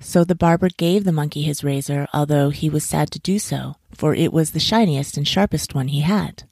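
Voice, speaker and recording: A woman narrating a children's folk tale in a measured, expressive reading. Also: sits low, gravelly, husky, no echo, clean studio sound. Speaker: storyteller. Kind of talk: storybook narration.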